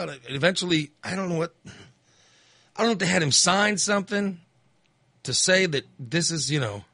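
A man's voice: a little high, lively intonation, normal speed, pauses often, bright, forceful tone, dry recording. A man hosting a call-in radio chat, rambling and acting out angry voters. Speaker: radio host.

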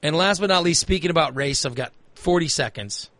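A man's voice: fairly high pitch, fairly quick, fairly bright tone, no echo. A man hosting a talk radio show, ranting in a heated, emphatic way and repeating phrases for emphasis. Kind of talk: opinionated talk radio rant.

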